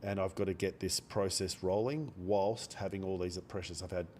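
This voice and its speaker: A man with a cold, talking quietly and bluntly into a close microphone during a day-trading live stream, swearing now and then. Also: deep voice, steady tone, moderate pace, slight background noise. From Australia. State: has a cold. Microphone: microphone held very close.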